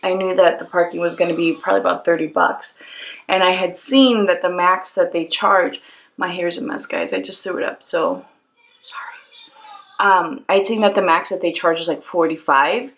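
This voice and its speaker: A young woman beauty vlogger, chatting through her makeup routine and telling a story with animated, exasperated quoted lines. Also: on the low side, moderate pace, low-quality recording. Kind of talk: chatty get-ready-with-me storytelling.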